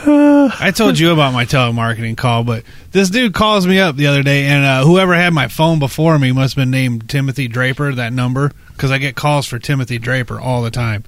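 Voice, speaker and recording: A man's voice: mid-range voice, lively intonation, a little fast, no room sound. A man telling a crude, profane story in casual chat, acting out callers in raised voices. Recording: dry close mic.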